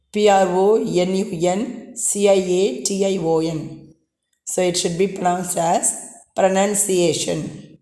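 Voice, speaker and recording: A woman's voice: lowish voice, mellow, roomy sound. A woman with an Indian English accent teaching a pronunciation lesson, spelling words out letter by letter and explaining patiently.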